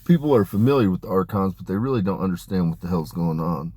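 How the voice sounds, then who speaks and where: A man talking in a rambling, emphatic monologue about spiritual matters, dropping his voice low on asides. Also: fast, dark tone, slightly rough, no echo. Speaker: spiritual channeler. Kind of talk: casual spoken monologue.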